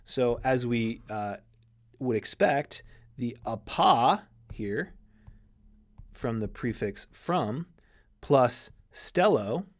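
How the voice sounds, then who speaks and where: A man teaching a recorded grammar lesson in an explanatory way, often restarting phrases and spelling out letters slowly. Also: medium pitch, expressive. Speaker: Greek teacher.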